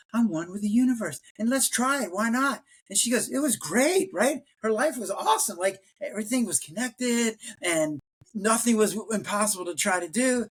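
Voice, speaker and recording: An older man, a retired physician, talking casually as a podcast guest and acting out quoted lines with a raised voice. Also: sits high. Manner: animated storyteller, acts out quotes in raised voice. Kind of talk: casual interview talk.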